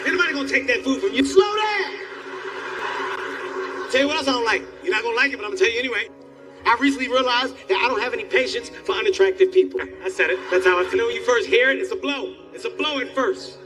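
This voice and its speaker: A man in his forties doing stand-up comedy, telling loud, animated stories with shouted outbursts. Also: extremely high pitch, very fast, far from the mic, faint music behind. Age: 40s.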